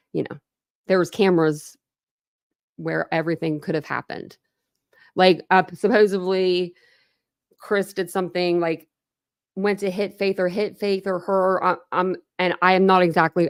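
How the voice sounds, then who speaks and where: A woman with a Southern twang, from Ohio, hosting a true crime livestream. She rambles casually through her thoughts with plenty of fillers and side comments, her voice slightly gravelly. The sound is dry and close. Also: fairly low pitch, no room sound. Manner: rambling and chatty, many fillers and quick asides. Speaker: true crime channel host.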